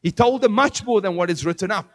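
A man preaching a sermon in an animated way, asking his listeners questions as he teaches. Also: high-pitched, fast. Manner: animated, asks the audience questions.

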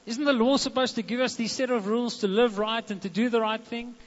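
Male pastor, fairly high voice, sermon, long hall echo, dull muffled sound. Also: fairly quick. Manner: animated preaching with asides to the congregation. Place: church hall.

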